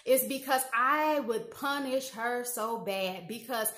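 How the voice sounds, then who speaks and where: A woman from Indiana telling personal stories in a casual monologue, animated, acting out quoted dialogue and saying "you know" and "like" often. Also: a little high, slow pace. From Indiana, USA. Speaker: YouTube commentator. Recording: roomy echo.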